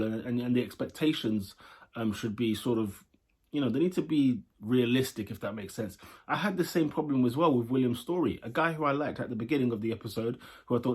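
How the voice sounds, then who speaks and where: A man's voice: medium pitch, darkish tone, husky. A young man chatting his way through a casual spoken review of a show episode, rambling and opinionated.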